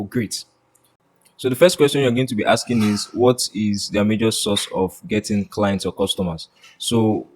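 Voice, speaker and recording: A man teaching a sales lesson, often asking "do you understand?" and acting out sample lines. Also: fairly low pitch. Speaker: sales course instructor.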